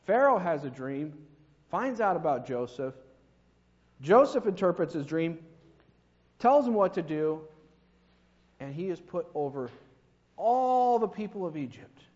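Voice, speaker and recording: Preacher guy giving a sermon, bit higher voice, big echo, muffled lo-fi sound. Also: very animated, unhurried, pauses often, darkish tone. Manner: storytelling, rising to emphatic peaks. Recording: long reverb, dull lo-fi sound.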